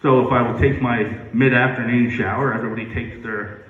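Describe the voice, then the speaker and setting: A man doing a stand-up comedy set at a campground, playfully spelling words out loud for laughs. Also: medium pitch, steady tone, a little fast, slight background noise. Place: outdoor campground stage. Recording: echoey, distant, muffled live recording.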